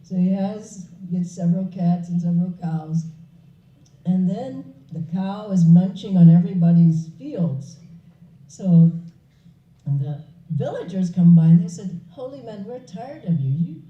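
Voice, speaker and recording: A woman giving a public spiritual talk, an animated storyteller who laughs along with her own story. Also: fairly low pitch, measured pace. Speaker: spiritual speaker. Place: hall. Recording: echoey hall, distant, dull.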